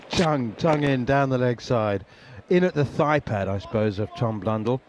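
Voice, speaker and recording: A man calls a cricket match on the radio in a medium-pitched voice. His delivery is chatty, with frequent uhs and easy laughter. A faint noise sits under the recording. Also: animated, measured pace. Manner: chatty, laughs easily, many ums and uhs. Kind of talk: ball-by-ball radio commentary.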